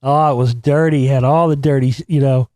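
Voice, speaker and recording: A middle-aged man hosting a show, telling a story in a casual, profane, animated way and laughing as he goes. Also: medium pitch, brisk, dry recording. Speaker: podcast host.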